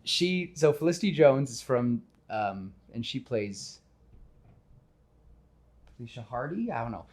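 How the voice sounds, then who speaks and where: A man hosting a casual podcast, talking in an animated, self-deprecating way and slipping into quick character voices. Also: medium pitch. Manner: self-deprecating, admits nervousness. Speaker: podcast host. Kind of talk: casual podcast chat retelling a film.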